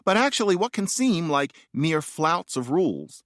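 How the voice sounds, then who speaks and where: A man's voice: fairly high pitch, sing-song, moderate pace, dry recording, clean studio sound. A man reading his own nonfiction audiobook in a wry, playful, conversational way.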